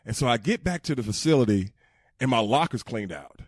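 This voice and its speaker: Animated storytelling man, dry mic. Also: fairly quick, no room sound. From Georgia, USA. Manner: animated, acts out quotes in a higher voice. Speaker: guest, former football player. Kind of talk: casual storytelling.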